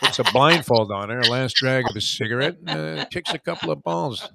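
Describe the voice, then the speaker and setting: A man's voice: mid-range voice, animated, brisk, gravelly, heavy background noise. A man hosting a sports radio show, chatting loosely and running a call-in trivia game. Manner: loose, joking, filler-heavy banter. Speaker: radio host.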